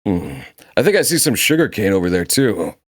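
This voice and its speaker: A man speaks calmly as a player in a tabletop game. His voice sits low but moves around, recorded dry and close. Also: a little fast, no echo.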